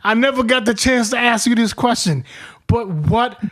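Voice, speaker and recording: Laughing, animated man telling a story. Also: very high-pitched, moderate pace. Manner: laughing constantly, profane, repeats himself. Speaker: podcast host. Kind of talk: casual storytelling chat. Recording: faint background noise.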